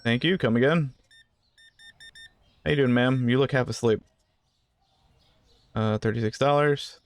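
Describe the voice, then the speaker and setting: A man's voice: medium pitch, measured pace, slight background noise. A man giving casual gameplay commentary, rambling through asides and joking with the customers in the game. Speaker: gaming channel host.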